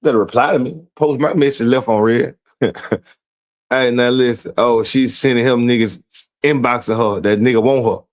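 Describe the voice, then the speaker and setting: A man's voice: medium pitch, normal speed. A man hosting a streamed show, reading out messages and mocking them in a profane, incredulous commentary. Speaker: show host.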